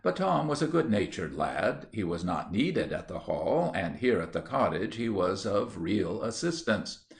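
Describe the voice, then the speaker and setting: Creaky-voiced male storybook reader. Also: lowish voice, big pitch swings. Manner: measured literary reading. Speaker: audiobook reader. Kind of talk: storybook narration.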